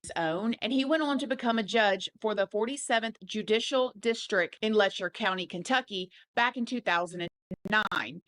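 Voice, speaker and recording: A woman's voice: mid-range voice, moderate pace, a bit bright. A woman narrating a true crime video in a chatty way, with casual fillers running through her telling of the case.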